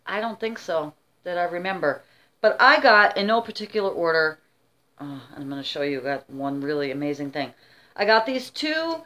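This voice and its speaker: A woman's voice: medium pitch, fairly bright tone. A middle-aged woman vlogger chatting casually while showing her auction finds, rambling with many asides. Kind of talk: casual show-and-tell chat.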